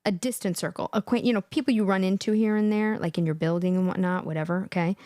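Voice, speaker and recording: A woman's voice: mid-range voice, fairly even intonation, quick pace, warm tone, dry recording. A woman hosting a live stream and giving reaction commentary, laughing often, repeating herself, incredulous.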